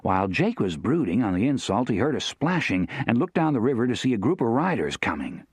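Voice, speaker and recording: A man narrating a western novel as an audiobook, telling the story in a steady, expressive way. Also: mid-range voice, a little fast, husky, no echo.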